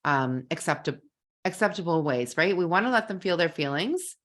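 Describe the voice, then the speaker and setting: A woman's voice: fairly low pitch, lively intonation, normal speed. A middle-aged woman teaching a parenting masterclass in a chatty way, full of "like" fillers and acted-out quotes. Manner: chatty, many "like" fillers, acts out quoted lines. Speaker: parenting coach.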